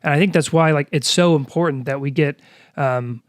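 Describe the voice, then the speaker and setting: A man's voice: a little high, no room sound, studio quality. A man in his twenties co-hosting a church podcast, talking earnestly with many fillers. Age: 20s. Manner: quick, earnest, lots of fillers. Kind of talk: casual chat.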